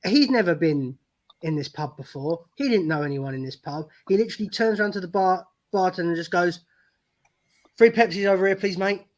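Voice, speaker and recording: A British man co-hosting a podcast, telling anecdotes in lively casual chat. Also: a little high, fairly quick. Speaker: podcast co-host.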